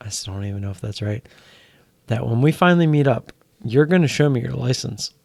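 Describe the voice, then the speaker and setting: A man's voice: medium pitch, expressive, fairly quick, creaky, a little mellow, no echo, clean studio sound. A young man, drunk, hosting a late-night live stream and teasing his chat viewers in a rambling way.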